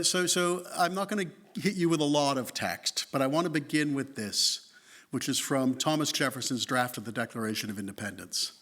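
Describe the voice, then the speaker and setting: A man's voice: fairly high pitch, a bit bright. A man in his fifties from Boston with a Boston accent, giving a wry, self-deprecating public history lecture with conversational restarts. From Boston, United States. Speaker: guest lecturer, history professor.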